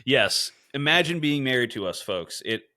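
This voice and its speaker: A young man co-hosts a comedy podcast in loose, casual chat. His voice is bright and forceful, and it swings widely in pitch as he riffs and laughs at his own bits. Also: lively intonation, no room sound, studio quality. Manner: playful, riffing, quick to laugh. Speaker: podcast co-host.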